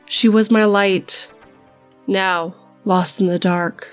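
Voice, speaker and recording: A woman reading a first-person horror story aloud in a measured storytelling manner. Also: medium pitch, fairly even intonation, smooth, soft background music.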